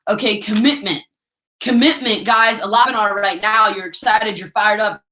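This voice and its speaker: A woman's voice: medium pitch, steady tone, moderate pace, bright, forceful tone. Female trainer, pep-talk delivery, keeps calling the team "guys", recorded in an echoey room. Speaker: network marketing trainer. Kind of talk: motivational training call.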